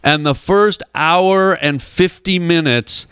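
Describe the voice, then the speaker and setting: A man, a comedian, telling stories in casual chat as a guest in a radio studio, animated and acting out voices. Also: fairly high pitch, takes it slowly, clear, resonant tone, dry recording. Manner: animated storyteller who acts out voices. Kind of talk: casual storytelling on a radio show.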